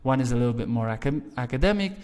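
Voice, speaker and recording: A man's voice: lively intonation, very fast, darkish tone, clear, resonant tone. A man teaching a language lesson on video, explaining rules step by step, checking in with the viewer, and punching key words with sudden emphasis. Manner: stresses key words with sudden lifts in pitch and volume. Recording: long reverberant room echo.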